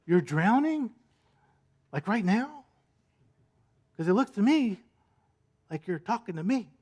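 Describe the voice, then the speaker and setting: A male preacher voicing Jesus as a calm teacher who dryly teases his panicking disciples. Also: sits high, slow, husky, voice pushed up, heavily acted. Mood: wry. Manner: dry, wry, teasing. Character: calm amused teacher, a man, gently teasing.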